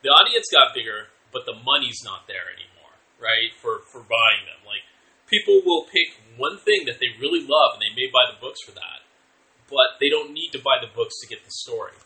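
A man co-hosting a podcast in casual chat, quick to laugh and act out quotes. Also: mid-range voice, lively intonation, pushed and bright, rough recording. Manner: chatty, laughs easily, quotes people in voices. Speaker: podcast co-host.

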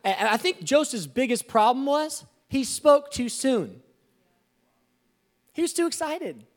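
A man preaching a sermon as a pastor, animated and swelling to emphatic exclamations. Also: very high voice, measured pace.

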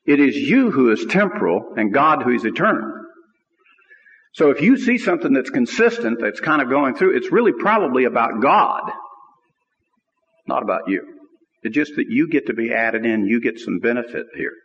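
A man's voice: mid-range voice, a bit bright, big-room sound, highs cut off. A man preaching a conversational sermon on scripture, emphatic and building to fervent peaks, heard on a radio broadcast.

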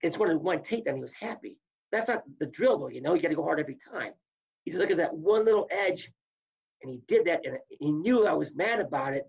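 A man's voice: a little high, fast, vocal fry, slightly rough, highs cut off. A man, a former wrestler, telling stories in casual talk and acting out what people said. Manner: animated storyteller acting out quotes. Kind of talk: casual storytelling.

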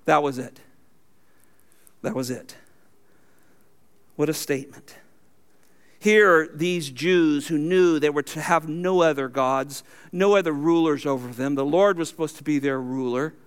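A man with a notably high voice delivers a sermon as pastor. He reads scripture aloud and swings between raised, emphatic lines and low, quiet asides. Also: a little slow, long pauses, clear, resonant tone.

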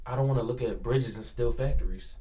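A man's voice: mid-range voice, fast talker, dark tone, husky. A man co-hosting a casual podcast, talking emphatically and teasing his friends. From Pennsylvania, US. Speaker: podcast co-host. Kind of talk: casual chat.

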